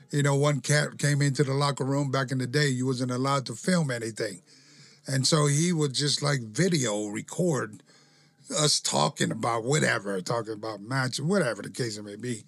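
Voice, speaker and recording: A man's voice: medium pitch, no echo. A man hosts a casual podcast and unwinds into long, easygoing anecdotes. His voice sits in an ordinary mid range and laughs come easily. The sound is dry and close. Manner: laughs often, relaxed, drawn-out anecdotes. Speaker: podcast host, former wrestler. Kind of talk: casual storytelling chat.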